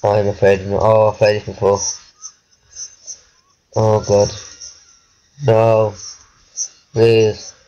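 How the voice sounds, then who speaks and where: A man's voice: lowish voice, monotone, takes it slowly, pauses often, mellow, muffled recording. A young man giving casual gameplay commentary, jumpy and muttering, exclaiming when scared. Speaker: gaming video creator.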